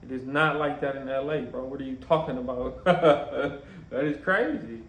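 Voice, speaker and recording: A man reacting to a video clip in casual commentary, talking in animated bursts and ending lines with "bro". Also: mid-range voice, moderate pace. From Los Angeles area. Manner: animated, laughing, repeats "bro". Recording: roomy echo.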